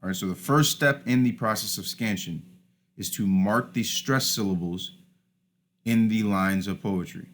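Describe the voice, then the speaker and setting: A man's voice: lowish voice, moderate pace. A man teaching a recorded lesson over slides, informal, often starting with "all right" and correcting himself.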